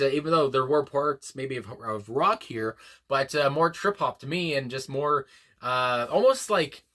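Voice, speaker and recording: A man's voice: mid-range voice, fairly bright tone. A man hosting a music reaction video, rambling casually with lots of fillers, restarts and exclamations. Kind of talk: casual unscripted reaction commentary.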